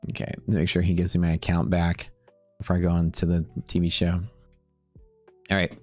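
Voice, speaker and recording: A man's voice: deep voice, monotone, moderate pace, darkish tone, faint music behind. A man hosting a live day-trading stream, talking loosely and rambling, with some casual swearing. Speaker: day-trading livestream host.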